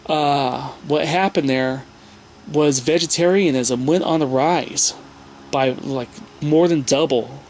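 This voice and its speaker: Man, 40s, casual slide lecture, digressive, keeps asking "right?", slightly high voice. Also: gravelly, a little hiss or hum. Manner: loose and digressive, checking in with "right?" and "okay?". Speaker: host giving a talk with slides.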